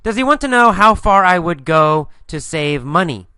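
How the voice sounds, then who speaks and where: Male English teacher, repetitive question-and-answer style, very clear voice, dry close sound. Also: sits high, expressive, bright, forceful tone, dry recording. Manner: asks simple questions and answers them himself; repeats key words slowly for learners. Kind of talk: mini story lesson.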